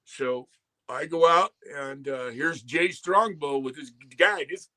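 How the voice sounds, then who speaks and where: Speaking slowly in a slightly high voice that sounds pushed and bright, a man in his sixties spins salty, meandering tales. He's a former wrestler on as a guest, casually storytelling and performing other people's quotes.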